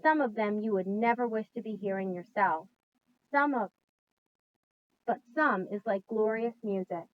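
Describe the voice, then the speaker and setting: A woman reading as the BFG, a gentle giant. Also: medium pitch, measured pace, pauses often, no room sound, narrow, tinny audio, close to an everyday voice. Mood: earnest. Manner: mangled grammar, emphatic and earnest. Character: big friendly old male giant, gentle, odd grammar.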